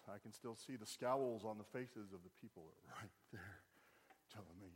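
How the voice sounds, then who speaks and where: A man's voice: lowish voice, normal speed, husky. A man preaching a sermon as pastor, conversational and wry, rising to emphatic bursts. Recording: long hall reverb.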